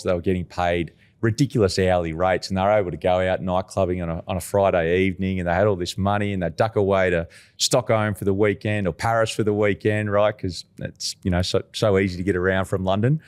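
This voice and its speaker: A middle-aged Australian man, a recruitment agency founder, telling animated stories as a podcast guest, slowing down to stress key points. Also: low-pitched, smooth. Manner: animated storyteller, emphatic, slows down for key points. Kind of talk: podcast interview.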